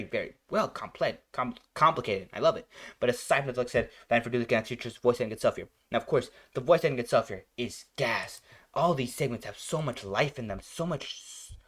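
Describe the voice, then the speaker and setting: A man's voice: medium pitch, a bit bright. A young man hosting a reaction video, chatting casually and rambling with lots of filler words. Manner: rambling, full of "like" and "you know".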